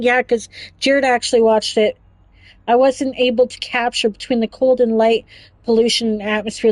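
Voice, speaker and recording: A woman's voice: on the high side, no room sound, low-quality recording. A woman hosting a casual livestream chat, talking chattily, giggling often and reading chat messages aloud. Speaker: livestream host.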